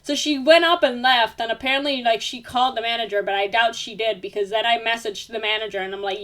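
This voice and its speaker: A young woman talking to her camera in a loose, rambling vlog, leaning on fillers as she vents. Her voice sits a touch high, and she gets heated and emphatic when she rants. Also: fast, hardly any pauses, fairly bright tone. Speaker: vlogger. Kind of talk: casual venting monologue.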